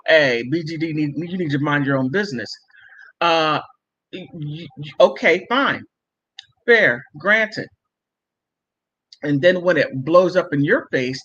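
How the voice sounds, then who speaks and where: A woman's voice: on the low side, fairly bright tone. A middle-aged woman hosting a casual livestream, chatting emphatically with viewers and laughing often. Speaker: livestream host reading viewer comments. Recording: muffled lo-fi stream audio.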